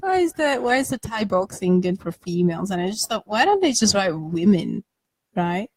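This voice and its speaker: A woman's voice: mid-range voice, very animated, normal speed, slightly rough, no room sound, rough recording. A woman co-hosting a podcast in casual chat, giggly and teasing, often trailing off. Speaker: podcast co-host.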